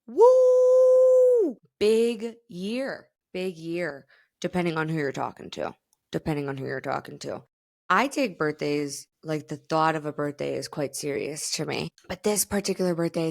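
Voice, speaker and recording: A woman's voice: low voice, vocal fry. A woman in her late twenties from South Florida, hosting her own podcast in candid, profane, chatty talk full of fillers. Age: late 20s. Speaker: podcast host. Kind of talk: casual solo podcast chat.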